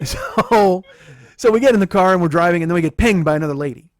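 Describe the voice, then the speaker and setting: A man in his forties, a comedian hosting a podcast, telling a funny story in a sarcastic, profane, animated way. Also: high voice, quick pace, no room sound, studio quality. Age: 40s. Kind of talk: comic storytelling monologue.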